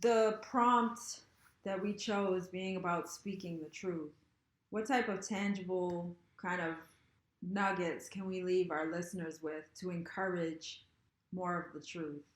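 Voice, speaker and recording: A woman's voice: on the low side, steady tone, a little slow. Earnest woman host in a roomy space. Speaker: podcast host. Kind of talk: casual conversation. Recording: roomy echo.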